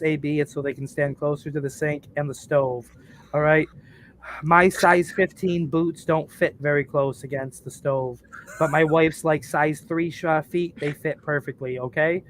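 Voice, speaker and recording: A man's voice: a little high, a little hiss or hum. A man on a podcast telling crude, joking stories in casual chat, laughing at his own jokes. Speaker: podcast co-host.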